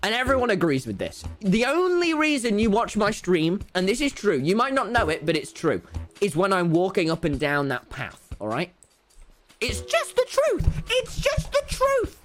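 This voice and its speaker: Loud, boastful young streamer man. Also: sits high, big pitch swings, normal speed, faint music behind. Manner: loud, boastful, jokey, often yelling and laughing. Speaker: live streamer. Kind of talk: excitable gaming livestream chat. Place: home room.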